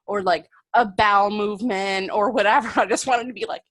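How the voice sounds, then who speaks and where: A woman's voice: mid-range voice, animated, brisk, hardly any pauses, fairly bright tone. A woman co-hosting a casual podcast, bantering and teasing with frequent laughs. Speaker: podcast co-host. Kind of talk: casual chat.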